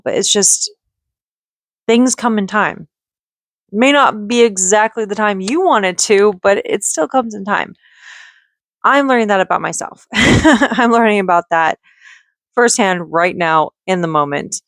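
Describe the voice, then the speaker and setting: A woman's voice: medium pitch, fairly bright tone, dry recording, clean studio sound. A woman vlogging to camera, rambling with restarts and nervous laughs, audibly exhausted after a hard day. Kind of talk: emotional personal vlog talk.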